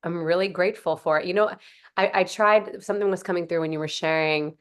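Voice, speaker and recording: A woman's voice: on the low side, steady tone, brisk, smooth. A woman hosting a podcast interview, talking in an earnest, gushing way with lots of "like" and "um". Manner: earnest, gushing, many fillers like "like" and "um". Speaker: podcast host. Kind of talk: casual conversational interview.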